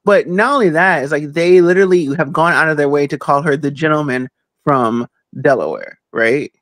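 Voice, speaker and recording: A man's voice: a little high, moderate pace, fairly bright tone, no echo. A man joining a casual talk over a video call, rambling with many fillers and restarts.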